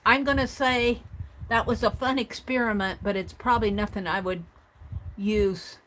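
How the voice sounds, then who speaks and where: A woman's voice: fairly high pitch, steady tone, moderate pace, fairly bright tone, low-quality recording. Chatty woman thinking aloud over crafts. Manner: thinks aloud while working, chatty and tentative. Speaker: mixed-media art streamer. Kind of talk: casual craft demonstration. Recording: audible background noise with clicks.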